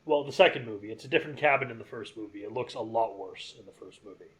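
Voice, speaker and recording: A man's voice: on the low side, fast. A man co-hosting a casual gaming podcast, rambling enthusiastically through game and movie trivia. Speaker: podcast co-host.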